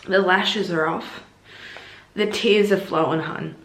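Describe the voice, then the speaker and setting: A woman's voice: on the low side, steady tone, slow, a little hiss or hum. Chatty young woman vlogger. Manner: chatty, fills speech with "like", swears freely. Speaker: book vlogger. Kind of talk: casual vlog chat about a book.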